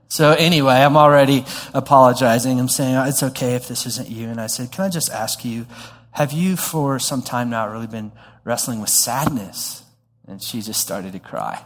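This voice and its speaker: A man telling a story in a sermon, animated and self-deprecating, with frequent restarts. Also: mid-range voice, moderate pace. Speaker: pastor. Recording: long hall reverb.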